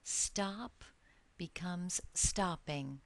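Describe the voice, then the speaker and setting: In a recorded English grammar lesson, a woman with a fairly low voice speaks slowly and deliberately, stretching out each example word.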